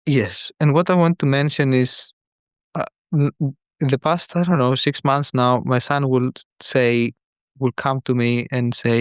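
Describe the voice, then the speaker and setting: A man calling in as a father, speaking earnestly and haltingly in a call-in conversation. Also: mid-range voice, steady tone, smooth, no echo, clean studio sound. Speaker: caller, father.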